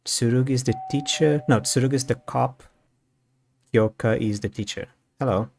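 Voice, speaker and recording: A man's voice: mid-range voice, moderate pace, gravelly, a little mellow. A man streaming, reading a visual novel aloud and breaking off to comment on the characters. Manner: reads along, breaking off to comment on the cast.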